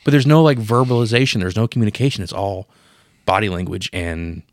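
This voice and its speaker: A man in his thirties telling a personal story on a podcast, emotional and profane, marking each scene change with a sudden boom. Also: fairly quick, no echo, clean studio sound. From Pennsylvania. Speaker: podcast co-host. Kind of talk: casual storytelling.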